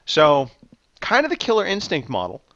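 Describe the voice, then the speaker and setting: A man's voice: fairly high pitch, normal speed, gravelly, no room sound, lo-fi sound. A man co-hosting a gaming podcast, reading out news and quizzing his co-hosts in a teasing, game-show way. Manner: animated, teasing quiz-show delivery. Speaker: podcast co-host running a quiz. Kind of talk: casual gaming chat.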